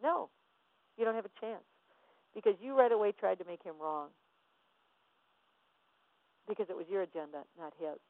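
A woman's voice: mid-range voice, normal speed, pauses often, no room sound. A woman giving a motivational talk, emphatic and repetitive, acting out little dialogues as she goes. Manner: emphatic, repeats phrases, acts out dialogue. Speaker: motivational speaker. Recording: tinny phone-like sound, dry.

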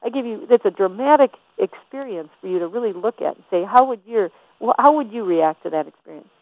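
Woman, motivational faith teacher, emphatic, rhetorical, mid-pitched, thin phone-line sound. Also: expressive, a little fast, dry recording. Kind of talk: faith-based motivational talk. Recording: tinny phone-like dry sound.

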